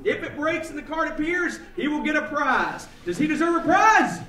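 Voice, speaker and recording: High-voiced man clowning for a kids' audience. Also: big pitch swings, normal speed. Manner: playful, clowning, mock-silly with the kids; calls out questions to the audience. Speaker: children's entertainer. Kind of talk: live kids' show patter. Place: library event room, indoors. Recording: echoey hall, recorded from far off. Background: loud noisy children's crowd.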